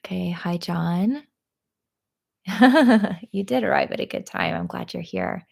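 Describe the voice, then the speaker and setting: A woman leading a live guided tapping session, talking in a gentle, encouraging way with many pauses and fillers. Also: lowish voice, wildly swooping pitch, creaky. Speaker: EFT tapping practitioner.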